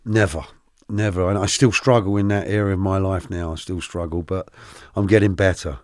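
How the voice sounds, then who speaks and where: Low-voiced man telling stories. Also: dry recording, clean studio sound. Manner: animated, halting with many restarts. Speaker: podcast guest. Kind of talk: candid storytelling.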